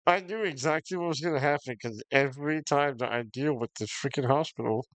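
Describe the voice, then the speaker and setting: A man talking to his stream chat in a loose, profane rant, audibly fed up but breaking into short laughs. His voice sits at an ordinary middle pitch. The sound is dry, with no room around it. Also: a bit bright, no echo. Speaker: game streamer. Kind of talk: casual ranting to stream chat.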